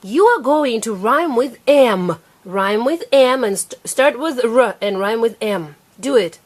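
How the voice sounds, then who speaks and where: A young woman patiently teaching her small child to read, sounding out each word slowly and clearly. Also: a little high, animated. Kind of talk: reading lesson with a preschooler.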